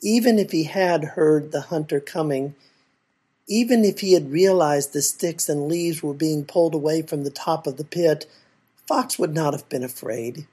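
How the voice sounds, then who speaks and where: Woman telling a folk tale, lowish husky voice, measured and expressive. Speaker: storyteller. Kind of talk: reading a folk tale aloud.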